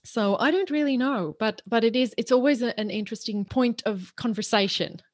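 A woman's voice: fairly high pitch, fairly quick, no room sound, clean studio sound. Chatty woman with a mixed South African accent. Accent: mixed South African, British and Australian. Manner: chatty, animated, playful with accents. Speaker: guest. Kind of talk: podcast interview.

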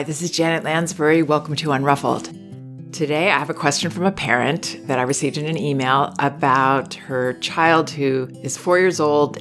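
A woman with a notably low voice hosts a solo parenting advice podcast. She speaks in a measured, reflective way and stretches out her words as she thinks them through. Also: fairly bright tone.

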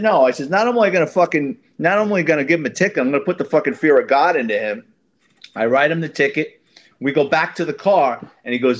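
Animated New cop with a dull lo-fi sound. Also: male voice, a little high, fairly quick. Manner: animated, acts out dialogue in stories. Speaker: police officer. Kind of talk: casual storytelling.

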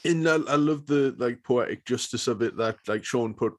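A man's voice: mid-range voice, normal speed. A man co-hosting a podcast, chatting enthusiastically with lots of fillers. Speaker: podcast co-host. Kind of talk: casual chat.

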